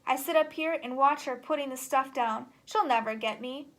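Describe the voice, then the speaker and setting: A woman voicing a shrill, spiteful male rat who shrieks and boasts as she reads a children's storybook aloud. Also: moderate pace, fairly bright tone. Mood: scolding.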